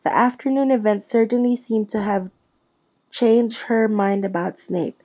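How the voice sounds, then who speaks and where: A woman narrates a storybook chapter in a steady, expressive reading voice. Her pitch sits in the middle range, neither high nor low. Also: unhurried. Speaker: audiobook reader.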